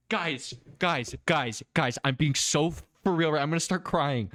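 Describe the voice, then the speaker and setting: A man reviews a chess game on stream, talking to his viewers with excitement and frequent exclamations and laughter. His voice is slightly high, and the recording is dry with clean studio sound.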